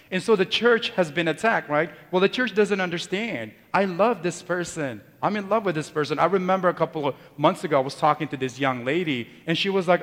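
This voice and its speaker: A man's voice: a little high, expressive, fairly quick, fairly bright tone. A man preaching as a priest, talking conversationally and joking with the congregation. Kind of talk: sermon. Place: church. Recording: long church reverb.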